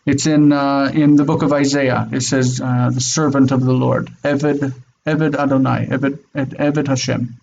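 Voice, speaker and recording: Here a Hebrew instructor online speaks in a mid-range, gravelly, slightly mellow voice, with flat delivery at a measured pace and hardly any pauses. He's patient and keeps affirming students with "mm-hmm"s, in a dull lo-fi recording with faint noise.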